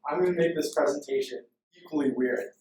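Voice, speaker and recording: A man's voice: a little high, a little fast, darkish tone, far from the mic. Young man telling a playful story. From Canada. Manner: playful, self-deprecating. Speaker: presenter. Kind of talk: storytelling pitch presentation. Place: room full of people. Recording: echoey room recorded from afar.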